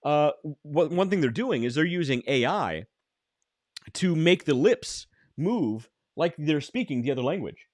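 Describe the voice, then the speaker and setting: A man's voice: a little high, animated, a little slow, no room sound. A man hosting a casual podcast chat, rambling with restarts and dry jokes. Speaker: podcast host.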